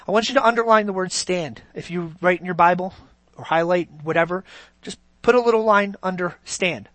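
A preacher in full sermon mode who leans hard on key words, stretching them out loud, then drops to almost a hush. The sound is close and dry, with no room echo. The pitch sits in a middle range. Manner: dramatic swings from loud emphasis to near-whispers; slow, drawn-out stresses on key words.

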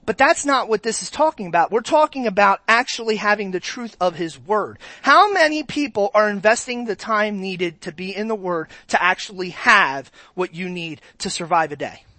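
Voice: medium pitch, animated, normal speed, few pauses, pushed and bright, no room sound. A pastor giving a sermon in a conversational way, asking the congregation questions and reading scripture with emphatic sarcasm.

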